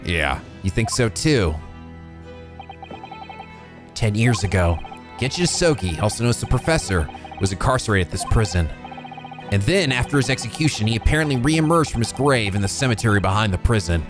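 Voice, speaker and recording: Streamer reading a young lawyer hero, polite, animated, game music playing. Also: male voice, fairly low pitch, brisk, pauses often, pitched below the performer's own voice. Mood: earnest. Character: earnest young male Japanese defense lawyer.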